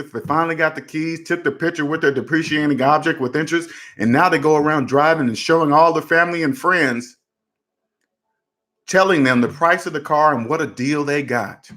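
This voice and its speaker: In casual commentary to camera, a personal finance channel host talks with emphasis, hammering his points home through repetition. His voice is on the high side, bright and pushed.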